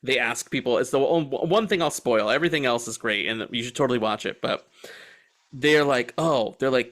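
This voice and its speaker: A man co-hosting a film podcast, telling a story in a lively, profane, fast-bursting way. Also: medium pitch. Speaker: podcast co-host. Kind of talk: casual film podcast chat.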